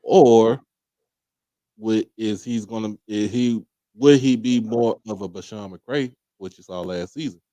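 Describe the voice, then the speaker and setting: A man co-hosting a casual sports live stream, reasoning out loud in a rambling way with lots of fillers. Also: lowish voice, measured pace, no echo, poor audio. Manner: rambling, thinks aloud with fillers. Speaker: co-host.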